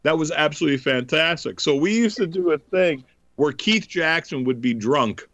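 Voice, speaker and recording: An enthusiastic male host reminisces with a ready laugh, his voice pitched a little high. The tone is bright and crisp, with no room echo at all. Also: expressive, normal speed. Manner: enthusiastic storyteller, laughs often. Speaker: podcast host. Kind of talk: casual chat.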